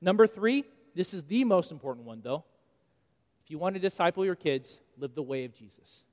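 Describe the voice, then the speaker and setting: A man in his thirties preaching a sermon as pastor, animated and swinging between loud and quiet for emphasis. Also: fairly high pitch, fairly quick. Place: church sanctuary. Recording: long reverb of a church hall.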